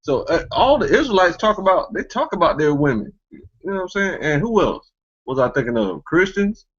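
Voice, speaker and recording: A man's voice: high voice, sing-song, a little fast, husky, muffled recording. A man hosting a casual online talk show, rambling and filling with a stock phrase. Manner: rambling, fills with "you know what I'm saying".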